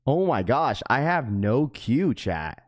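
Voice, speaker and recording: A young man livestreaming to his chat in a casual, slangy way, getting excited and repeating himself. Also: mid-range voice, slow. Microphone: webcam setup.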